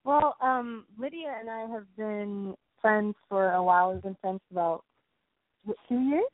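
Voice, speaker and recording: A woman's voice: mid-range voice, normal speed, dry recording. Woman guest, hesitant with ums, dry, phone-thin sound. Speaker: guest singer. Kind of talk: casual chat. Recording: dry tinny phone line.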